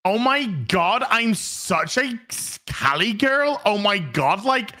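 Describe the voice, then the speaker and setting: A man's voice: high voice, very animated, slow, sharp tone, pitched above the performer's own voice, exaggerated voice. A man putting on a ditzy Californian valley girl. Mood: mocking. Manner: airy, sing-song, mocking.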